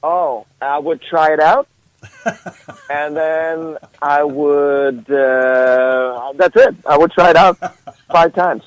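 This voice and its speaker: Swedish-native male guest, fairly high voice, dry sound, laughs easily. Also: steady tone, slow, clean tone, dry recording, poor audio. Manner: playful, laughs often, hesitant fillers. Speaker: musician guest. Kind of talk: casual radio interview.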